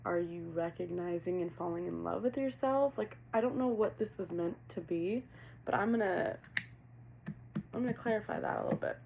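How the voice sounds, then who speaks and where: A woman talks through a tarot reading in a chatty, animated way, asking questions aloud and laughing often. Her voice sits low with a gravelly edge. A faint hiss lies under the recording. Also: normal speed, rough recording. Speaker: tarot reader.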